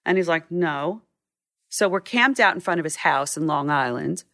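Low raspy woman photographer telling stories in an interview, dry close sound. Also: fairly quick, dry recording. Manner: animated, acts out quotes, frequent restarts. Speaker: news photographer. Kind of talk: storytelling in a sit-down interview.

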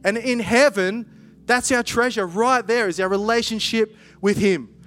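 A man preaching a conversational sermon, animated and playful, with lively asides. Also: high voice, measured pace, faint music behind.

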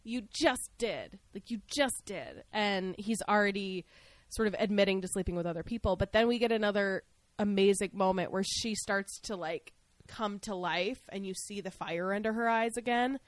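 An outspoken woman co-hosts a casual podcast, recapping an episode with lively, animated retellings. Her voice sits at a middle pitch. The recording is close and dry, with no room sound. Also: moderate pace, no echo. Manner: animated, outspoken, acts out scenes. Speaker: podcast co-host.

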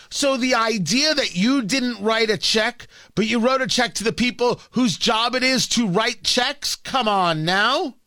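A man's voice: sits high, pushed and bright, no echo, clean studio sound. A man hosting a political talk radio show, delivering a sarcastic, opinionated monologue full of rhetorical questions.

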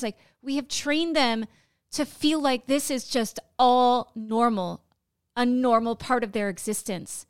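A woman's voice: high voice, a little slow, smooth. A woman who teaches school, talking earnestly as a podcast co-host in casual chat. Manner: earnest, repeats and restarts.

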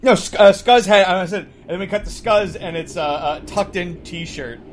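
A man's voice: high-pitched, moderate pace, a little hiss or hum. A man co-hosting a casual movie chat, joking in a rambling, hesitant way. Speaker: podcast co-host.

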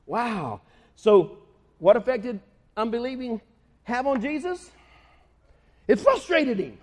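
A man preaching a lively sermon, animated and laughing often as he acts out scenes. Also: very high voice, slow pace, long reverb tail.

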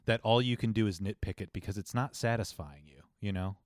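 A man co-hosting a podcast in casual chat, relaxed and reflective, explaining his points at length. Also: fairly low pitch, fairly quick, no room sound, clean studio sound. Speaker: podcast co-host.

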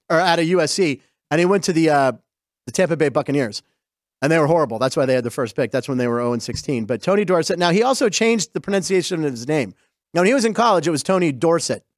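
A middle-aged man from western Pennsylvania hosting a sports show, telling stories over game clips in a chatty, digressive, excited way. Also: a little high, no echo, clean studio sound.

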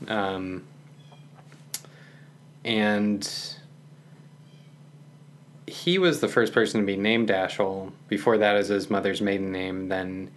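A calm young man talking softly and unhurriedly as a podcast guest in a relaxed conversation. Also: on the low side, a little hiss or hum. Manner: calm, soft-spoken, unhurried. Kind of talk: casual conversation.

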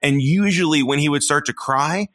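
A man in his thirties co-hosting a podcast, telling parenting stories in a casual, animated way and often acting out his young son. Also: moderate pace, no echo, clean studio sound. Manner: animated storyteller, acts out his toddler in a high voice. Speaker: podcast co-host, father. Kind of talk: casual chat.

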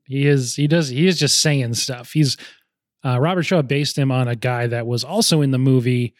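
A man's voice: mid-range voice, moderate pace, no echo, clean studio sound. A young man in casual film talk with friends, rambling and often laughing as he goes.

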